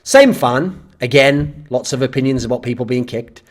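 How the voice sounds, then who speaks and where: Exasperated male host ranting on comments, husky voice, swings up and down in pitch. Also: lively intonation, normal speed. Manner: sarcastic, exasperated, swears freely. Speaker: esports commentator and channel host.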